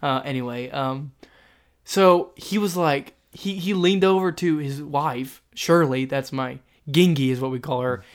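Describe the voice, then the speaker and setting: A young man telling a story in casual chat, rambling and halting with many fillers and restarts. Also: mid-range voice.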